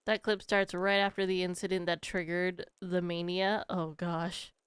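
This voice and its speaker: A woman's voice: on the low side, little pitch movement, unhurried, smooth, no room sound, low-quality recording. Young woman streaming a game, chatty and giggly, laughs a lot between lines. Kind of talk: casual chat while gaming.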